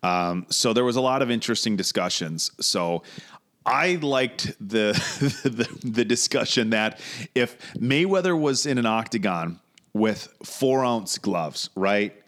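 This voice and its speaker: A man's voice: fairly low pitch, animated, a little slow, fairly bright tone. A man hosting a podcast in casual chat, rambling and profane as he talks. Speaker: podcast host.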